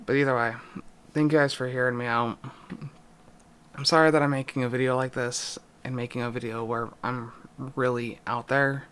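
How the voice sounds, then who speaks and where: A young man in an emotional vlog confession, distressed and near tears, speaking haltingly with pauses and a voice that drops. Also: mid-range voice, steady tone, a bit bright, smooth. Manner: halting, pausing, voice dropping. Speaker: YouTuber.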